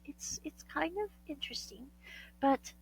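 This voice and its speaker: A woman's voice: high voice, a little slow, gravelly, low-quality recording. A woman from the United States telling a story in casual chat. She laughs often and acts out the dialogue she quotes.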